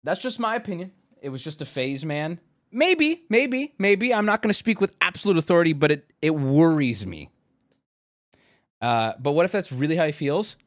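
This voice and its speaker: A male streamer giving casual, profane live commentary, swinging into loud exasperated rants. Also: fairly high pitch, moderate pace. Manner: animated, swearing, rising to loud exasperated rants.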